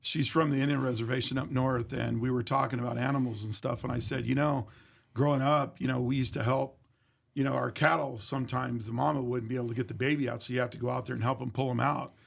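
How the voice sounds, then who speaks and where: Gravelly-voiced man telling a blunt story. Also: medium pitch, steady tone, quick pace. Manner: blunt, profane, emphatic retelling. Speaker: guest. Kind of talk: casual storytelling.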